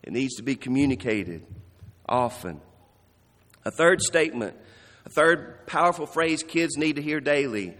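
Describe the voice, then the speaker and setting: A male pastor giving an earnest sermon, slowing down and softening to stress key phrases. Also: mid-range voice, lively intonation, in a large hall. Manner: earnest, warm preaching with soft, slowed emphasis on key phrases.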